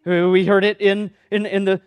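A man's voice: high voice, little pitch movement, normal speed, smooth. A man preaching a sermon in a conversational, self-deprecating way, acting out the voices of the people he quotes. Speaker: pastor.

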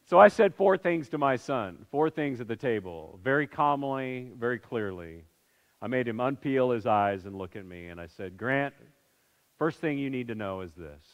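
A middle-aged man preaching through a personal story, swinging between loud bursts and hushed, low lines. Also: expressive, normal speed. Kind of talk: sermon storytelling. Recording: reverberant hall, dull sound.

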